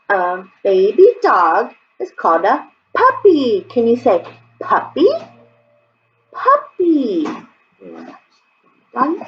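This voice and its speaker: A preschool teacher, a woman, addresses toddlers in an exaggerated, animated, singsong manner, with a fairly high pitch, slow delivery and frequent pauses. Soft music plays behind her, and the recording has dull lo-fi sound with faint background noise.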